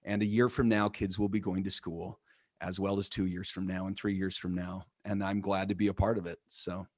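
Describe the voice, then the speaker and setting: Low-voiced reflective male panelist. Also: little pitch movement, moderate pace, no room sound, studio quality. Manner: reflective, hesitant, sentimental. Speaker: panelist, educator. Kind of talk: panel discussion.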